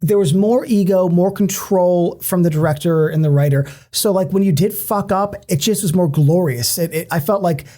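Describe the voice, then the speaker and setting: A man co-hosting a podcast, chatting casually about movies in an animated way, swearing freely and restarting often. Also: high-pitched, normal speed, hardly any pauses. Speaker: podcast co-host. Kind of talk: casual movie-discussion chat.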